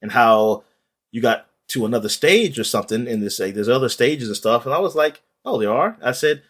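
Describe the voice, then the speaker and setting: A man's voice: medium pitch, brisk. Rambling man in casual chat. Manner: rambling, animated retelling with many fillers and restarts; casual swearing. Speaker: podcast co-host.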